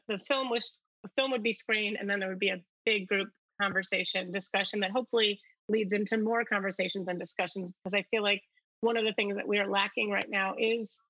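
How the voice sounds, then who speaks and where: A woman documentary filmmaker being interviewed, talking earnestly and reflectively with many pauses and fillers, in a deep morning voice. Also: bright, forceful tone, no room sound, muffled recording. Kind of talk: conversational interview answer.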